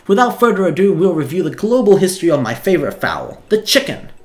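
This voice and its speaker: A man's voice: sits high, sing-song, fast, pitched above the performer's own voice. A man doing a yappy little dog professor. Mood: eager lecturing. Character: excitable small male dog professor, fussy.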